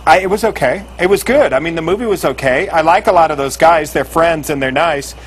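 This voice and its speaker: A man's voice: a little high, a little fast, a little hiss or hum, rough recording. A man guesting on a call-in show, talking bluntly and candidly and laughing easily. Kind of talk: casual call-in chat.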